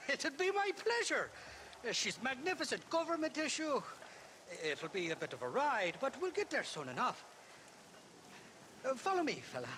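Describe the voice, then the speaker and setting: An actor playing a shifty, boastful Irish drifter who rambles, wheedles and swears, with an Irish accent. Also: male voice, very high-pitched, huge pitch swings, normal speed, pauses often, pushed and bright, a little hiss or hum, heavily acted.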